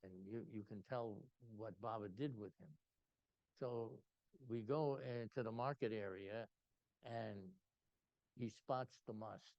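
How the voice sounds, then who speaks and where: An older man telling a personal story to a gathering, animated and full of restarts. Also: on the low side, slow, no echo, highs cut off. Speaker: invited speaker.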